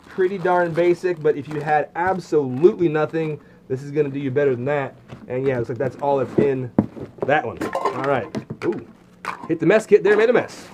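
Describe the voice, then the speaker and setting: A man talks through an unboxing of camping gear in a loose, rambling way, full of fillers and restarts. His voice sits a little high for a man. A faint hiss runs under the recording. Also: darkish tone. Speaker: outdoor gear reviewer. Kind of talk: casual unboxing commentary.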